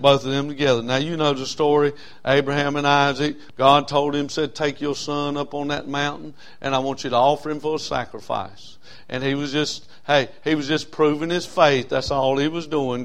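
A man preaching a sermon in a folksy way, swinging between loud stressed words and soft drawn-out phrases. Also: mid-range voice. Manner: folksy, with frequent uh fillers. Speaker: pastor.

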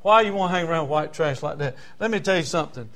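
High-voiced older preacher. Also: male voice, expressive, fast talker. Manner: emphatic, swings between loud exclamations and hushed asides. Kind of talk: sermon.

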